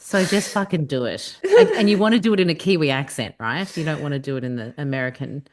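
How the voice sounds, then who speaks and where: A woman's voice: deep voice, fast talker. An Australian woman co-hosting a podcast, laid-back and cheeky in casual chat. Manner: laid-back and cheeky, swears and laughs freely. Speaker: podcast co-host.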